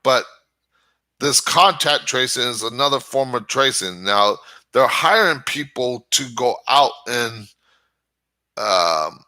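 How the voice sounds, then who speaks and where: Guy ranting slow on his channel, real sharp tense voice, keeps tripping over his words. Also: mid-range voice, animated. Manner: rambling, stammers and restarts often. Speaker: channel host. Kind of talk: casual opinion monologue.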